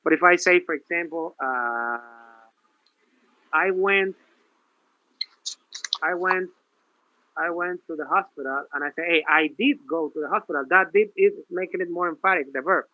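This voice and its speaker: A man's voice: high-pitched, measured pace, long pauses, narrow, tinny audio. A male professor giving a classroom grammar lecture, asking rhetorical questions and repeating himself. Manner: lively, repetitive, rhetorical questions.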